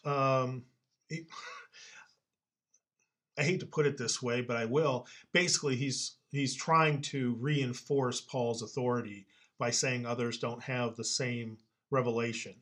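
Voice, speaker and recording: A man explaining scripture in a casual Bible-study chat, patient and explanatory, quick to laugh. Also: medium pitch, steady tone, fairly bright tone.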